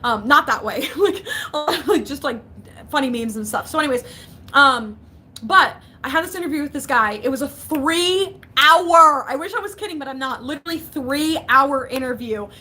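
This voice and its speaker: A woman's voice: high-pitched, lively intonation, normal speed, pushed and bright. A young woman in casual livestream chat from her basement, chatty and giggly, reading out viewers' comments. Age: young adult. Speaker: vlogger.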